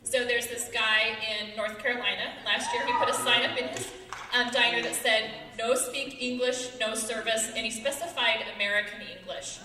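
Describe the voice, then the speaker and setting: A young woman in her twenties, a student giving an earnest, quick persuasive talk on stage. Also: fairly high pitch, crowd noise. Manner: earnest, quick, laughing now and then. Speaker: student speaker. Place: large hall with audience. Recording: echoey hall from far off.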